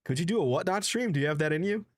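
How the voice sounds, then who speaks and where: Halting, sick man co-hosting a podcast. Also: fairly high pitch, animated, no room sound, clean studio sound. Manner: halting, many fillers, teasing. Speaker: podcast co-host. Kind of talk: casual chat.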